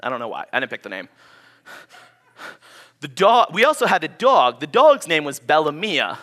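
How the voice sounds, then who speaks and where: A young man preaching with a bright, forceful voice that sits a little high. He tells stories in a lively, conversational way as a pastor giving a sermon. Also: moderate pace. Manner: animated, storytelling, conversational. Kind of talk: sermon with personal story.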